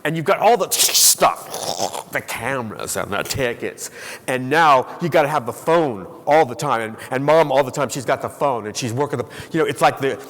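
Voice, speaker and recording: A middle-aged man giving a motivational keynote speech to a live audience in a large hall, telling an animated story and quizzing the crowd. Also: mid-range voice, normal speed. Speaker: keynote speaker. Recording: long hall reverb.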